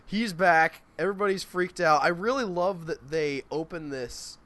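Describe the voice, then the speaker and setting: A podcast host with a slightly high, somewhat bright voice chats casually at a moderate pace about a TV episode. His recap rambles and keeps drifting into tangents.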